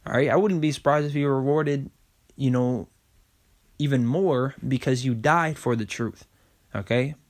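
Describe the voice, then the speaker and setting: A preacher gives an informal, casual sermon in a mid-range voice at normal speed. He reads scripture aloud, stumbling over words, and after each point checks in with a repeated "okay?" and "man."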